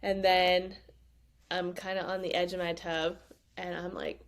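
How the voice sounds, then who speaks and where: Animated woman telling a story. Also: on the low side, measured pace. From United States. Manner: animated, acts out her own past lines. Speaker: podcast guest. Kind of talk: casual storytelling.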